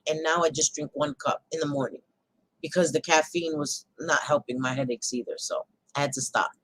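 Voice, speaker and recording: A woman hosting a casual talk show, speaking bluntly, reacting out loud and swearing freely. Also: on the low side, no room sound, rough recording. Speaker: host.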